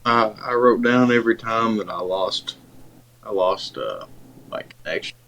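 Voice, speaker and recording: Man, casual podcast chat, dry laid-back replies, lowish voice, faint background noise. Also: lively intonation, unhurried, creaky, fairly bright tone, low-quality recording. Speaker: podcast co-host.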